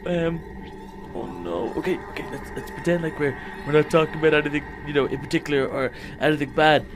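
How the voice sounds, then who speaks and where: A man voicing a jittery, high-voiced shark hero. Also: fairly quick, music in the background, close to an everyday voice. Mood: awkward, pleading. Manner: panicky, rambling, yelps and stammers when scared. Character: anxious, talkative young male shark hero. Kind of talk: Minecraft role-play voice acting.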